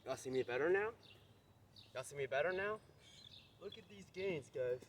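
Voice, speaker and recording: A man's voice: a little high, animated, normal speed, slight background noise. Brash, breathless man vlogging outdoors. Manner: brash, boastful, profane, rambling. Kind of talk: casual walking vlog. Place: outdoors, walking a street. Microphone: phone camera on a selfie stick.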